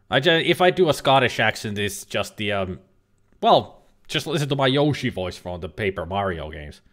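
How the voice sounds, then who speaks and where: A man's voice: mid-range voice, a bit bright. A man giving casual, rambling let's-play commentary as a streamer, joking and now and then swearing. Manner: chatty, rambling, jokey, occasional swearing.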